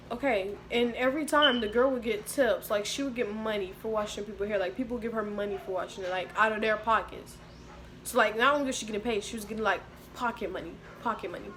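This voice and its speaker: A young woman tells a story to her camera in a lively, slangy way, slipping into the voices of other people as she goes. Her voice sits on the higher side, with a faint hiss of noise under it. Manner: animated slangy storytelling, acts out others' lines. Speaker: vlogger. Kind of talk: storytime vlog.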